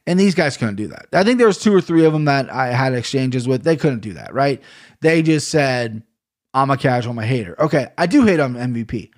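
A man's voice: medium pitch, lively intonation, fairly quick. A man hosting a solo podcast in a casual, rambling way, swearing freely and often tacking "right?" onto his points. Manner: rambling, profane, keeps adding "right?". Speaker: podcast host.

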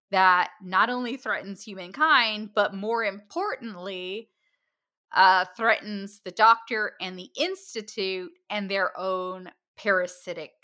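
A woman's voice: mid-range voice, pushed and bright. A woman co-hosting a book podcast, recommending a novel in casual chat and joking about her own pronunciation. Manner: unhurried, self-deprecating about pronunciation. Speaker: podcast co-host.

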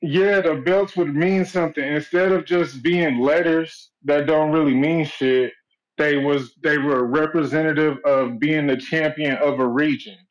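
Monotone laid-back man on a call-in line. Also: a little high, unhurried. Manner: laid-back, rambling, swears freely. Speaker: caller. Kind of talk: casual call-in chat. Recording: dull lo-fi phone call.

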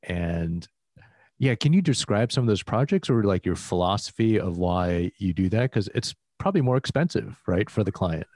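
Deep-voiced enthusiastic male host. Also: animated, moderate pace, darkish tone, no room sound, clean studio sound. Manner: enthusiastic, casual, uses "like" often. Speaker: podcast host. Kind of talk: conversational interview.

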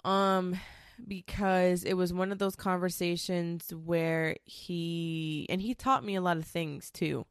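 A woman's voice: fairly low pitch, fairly even intonation, takes it slowly, smooth, dry recording, studio quality. A woman telling a personal story in a candid, rambling way, emotional and swearing freely, with many restarts.

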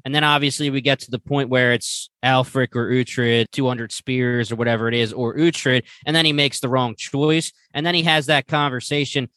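A man hosting a casual podcast, laid-back and quick to laugh, acting out lines from the show as he talks. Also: mid-range voice, fairly even intonation, pushed and bright, no room sound. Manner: laid-back, laughs easily, acts out quotes. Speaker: podcast host. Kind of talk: casual chat reviewing a TV series.

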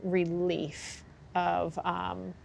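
A woman's voice: fairly low pitch, completely flat delivery, extremely slow, gravelly, slight background noise. A woman horse trainer being interviewed, telling her story candidly and acting out what people said. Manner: candid storytelling, acts out quotes. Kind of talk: conversational interview.

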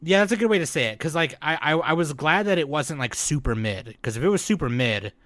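Bright-voiced man rambling on a podcast. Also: fairly high pitch, no echo. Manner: relaxed, rambling with fillers and quick laughs. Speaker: podcast host. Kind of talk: casual podcast chat.

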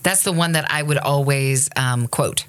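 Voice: medium pitch, moderate pace, a bit bright, smooth. A co-host on a casual faith podcast, mostly giving short agreeing replies and adding brief thoughts.

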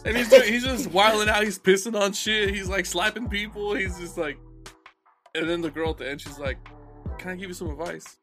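A man's voice: high-pitched, a little fast, pushed and bright, faint music behind. A young man co-hosting a podcast, chatting casually in laid-back slang. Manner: laid-back slang, says bro often. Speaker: podcast co-host. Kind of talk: casual chat.

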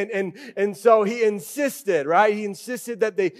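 A man delivers a sermon as a pastor, animated and conversational, breaking into loud bursts and dropping casual fillers such as "okay" and "right." His voice is high-pitched and a little slow.

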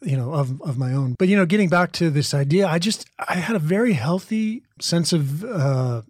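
A man's voice: a little high, animated, normal speed, husky, no room sound, clean studio sound. A man in his forties from the American Midwest, an actor being interviewed, talking thoughtfully with restarts and asides. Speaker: actor guest. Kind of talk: interview conversation.

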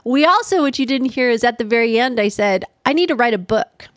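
Woman, middle-aged, podcast co-host, chatty, slightly high voice. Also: lively intonation, a little fast, no room sound, studio quality. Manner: chatty, laughs easily. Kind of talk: casual chat.

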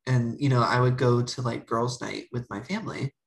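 A woman's voice: a bass voice, normal speed, poor audio. A young woman co-hosting a podcast, telling a personal story in casual chat and acting out her family's lines. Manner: animated, acts out family members' voices. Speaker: podcast co-host.

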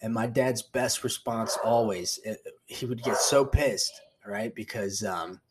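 A man's voice: lowish voice, unhurried, heavy background noise. A young man hosting a podcast alone, telling rambling, profane, laid-back stories in casual talk. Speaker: podcast host. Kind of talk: casual solo podcast monologue.

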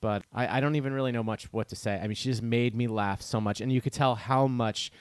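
A man's voice: medium pitch, fairly even intonation, quick pace, smooth, no echo. Guy co-hosting a podcast, talks on and on, bit emotional, dry close mic. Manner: chatty, rambling, emotional. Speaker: podcast co-host. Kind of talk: casual podcast chat.

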